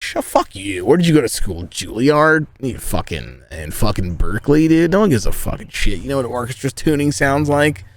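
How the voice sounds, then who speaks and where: Live-streaming from inside a tent, an American man rambles, jokes, and swears often as he chats casually with his viewers. His medium-pitched voice is sing-song, at a moderate pace, with hardly any pauses.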